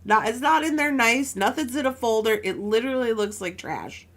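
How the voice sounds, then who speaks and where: A woman's voice: a little high, animated, moderate pace, a bit bright. A woman casually chatting while she crafts jewelry on a live stream, telling stories with frequent laughs and asides.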